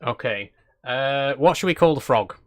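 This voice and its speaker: A man's voice: medium pitch, lively intonation, moderate pace. A man hosting a cozy game livestream in a casual, chatty way, laughing as he reads out chat suggestions and trailing off into self-deprecating asides. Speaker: streamer host.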